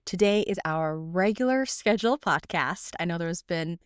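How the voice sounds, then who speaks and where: A woman in her thirties talks through a solo podcast episode in a lowish, friendly voice. She is chatty and encouraging, coaching her listeners warmly. The sound is close and dry, with no room echo. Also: expressive, moderate pace, smooth. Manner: chatty and encouraging, with frequent laughs. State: pregnant. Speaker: podcast host and dental business coach.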